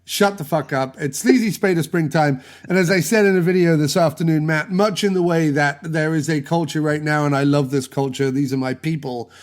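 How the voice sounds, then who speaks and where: A man's voice: a little high, fairly even intonation, a little fast, few pauses. A man hosting a podcast in a casual chat, playful and jokey, rambling from one tangent to the next while he talks into a podcast mic. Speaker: podcast host.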